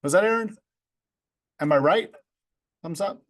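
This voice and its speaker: A video club instructor with a high, fairly bright voice speaks a little slowly while teaching an online video-editing class from a home room with a green screen. Upbeat and joking, he addresses students by name over the video call.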